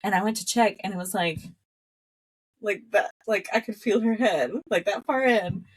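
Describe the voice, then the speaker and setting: This podcast guest has a mid-range, slightly rough voice and talks at a normal speed. In casual conversation she tells a story animatedly, often laughing and playing back her own words from back then.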